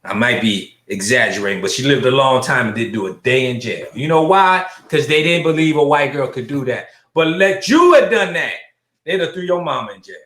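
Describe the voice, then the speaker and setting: A man's voice: medium pitch, lively intonation, a little fast, a bit bright, roomy sound. A middle-aged man hosting his own show in a blunt, profane livestream commentary, greeting viewers by name. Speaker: show host.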